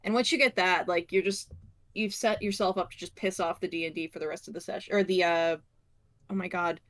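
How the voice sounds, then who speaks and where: A woman's voice: lowish voice, fairly even intonation, fairly quick. Laid-back wry woman from Michigan. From United States, Michigan. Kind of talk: casual chat.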